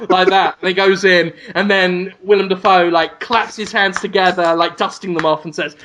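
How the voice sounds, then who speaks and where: A man's voice: high-pitched, fairly even intonation, moderate pace, sharp tone. A man co-hosting a podcast, spinning absurd comic stories and acting out voices. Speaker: podcast co-host. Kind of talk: comedic casual chat.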